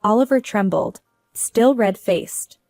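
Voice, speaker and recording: A woman's voice: mid-range voice, animated, slow, creaky, darkish tone, no room sound, faint music behind. A woman narrating a first-person drama story in a cool, businesslike manner.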